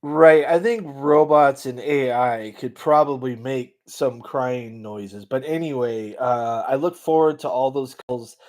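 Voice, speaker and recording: Man, comedy host, teasing, mock-boastful, casual joking tone, mid-pitched. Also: unhurried, few pauses, a little mellow.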